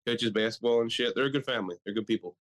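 A young man in loose podcast banter, talking at an everyday middle pitch. He rambles crudely and jokes around, slipping into mocking asides. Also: racing. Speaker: podcast co-host. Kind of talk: casual chat.

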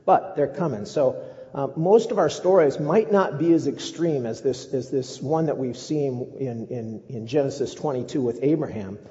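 A man's voice: mid-range voice, normal speed, mellow. A male pastor preaching a sermon in a conversational way with humorous asides, heard as a dull recording with a long echo in a church.

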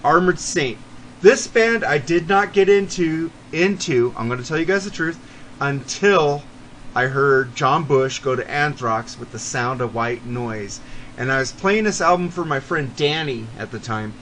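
A man hosting a casual podcast, talking in an excitable, gushing way and swearing freely. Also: fairly high pitch, unhurried, slight background noise. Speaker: podcast host.

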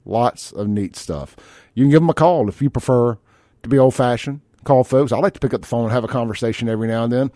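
A brash man hosting morning talk radio, mocking and offhand, slipping into live ad reads. His voice sits at an ordinary middle pitch. It is recorded close on a studio mic with a dry, dead sound. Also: steady tone, very fast, warm tone, no echo. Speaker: radio talk show host. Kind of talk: conservative talk radio monologue. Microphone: studio microphone.

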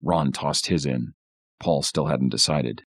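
A man hosting a podcast, reading a horror story aloud with expressive storytelling. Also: very deep voice, slow, no room sound, studio quality. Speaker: podcast host.

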